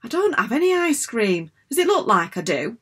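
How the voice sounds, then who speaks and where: A woman's voice: medium pitch, sing-song, normal speed, fairly bright tone, husky. A woman voicing an impatient, fierce young schoolgirl in a storybook reading, talking bluntly and urgently.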